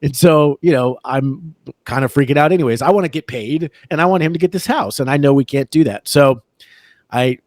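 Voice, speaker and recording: A man telling a story as a podcast guest, animated and laughing often. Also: on the high side, brisk, no echo. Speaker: real estate agent, podcast guest. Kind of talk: casual storytelling in a podcast chat.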